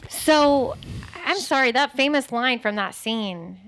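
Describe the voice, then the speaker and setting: A woman in casual podcast chat, expressive and enthusiastic as she quotes film lines. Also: high voice, slow pace, noisy background. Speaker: podcast co-host.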